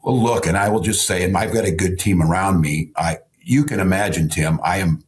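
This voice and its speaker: Very deep-voiced man governor, measured. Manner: measured, cautious, restrained anger. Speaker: state governor. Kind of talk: TV news interview.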